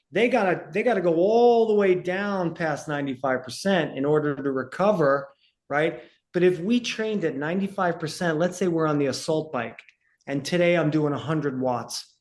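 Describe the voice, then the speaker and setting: Animated, fairly high-voiced man explaining. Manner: energetic, explanatory, asks "right?" to check in. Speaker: breathing instructor, podcast guest. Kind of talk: casual podcast explanation.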